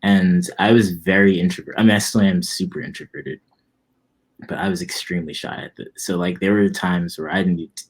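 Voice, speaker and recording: A young man in his twenties, a musician guest in a casual interview, talking in a relaxed, rambling way with lots of fillers. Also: low-pitched, moderate pace, breathy edge.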